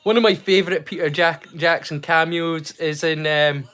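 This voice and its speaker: A man's voice: fairly high pitch, fairly even intonation, normal speed, a bit bright. A man, chatting casually and rambling as he hosts a movie watch-along livestream. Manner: chatty, rambling, self-correcting. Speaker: livestream host.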